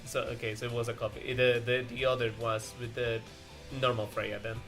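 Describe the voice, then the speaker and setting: A man's voice: mid-range voice, little pitch movement, a little fast, fairly bright tone, faint music behind. A man hosting a casual art stream, chatting with friends, laughing often and rambling with restarts. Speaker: streamer host.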